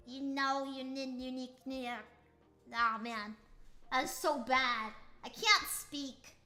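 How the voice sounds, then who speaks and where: Young woman streamer, high and bright voice, goofy rambling chat, slight S lisp. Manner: goofy, rambling, playful tongue-twister attempts. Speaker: VTuber streamer. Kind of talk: casual live-stream chat reading chat.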